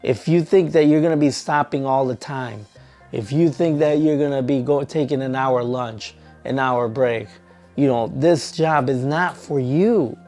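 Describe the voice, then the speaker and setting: A man who trains truck drivers tells a story in a casual vlog, acting out both sides of an argument with lively energy. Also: mid-range voice, measured pace, soft background music.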